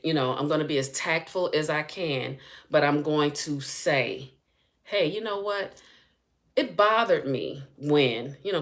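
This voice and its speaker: A woman with a low voice hosts a casual live-stream chat as a spiritual healing coach. She talks in a lively, chatty way and laughs frequently.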